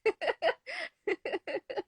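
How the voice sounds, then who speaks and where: A woman's voice: very high-pitched, big pitch swings, drawn-out words, no echo. A woman talking as a guest about games she is building, in a casual podcast chat over a live video call, laughing often between remarks. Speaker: guest game developer. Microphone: phone or webcam mic on a live stream.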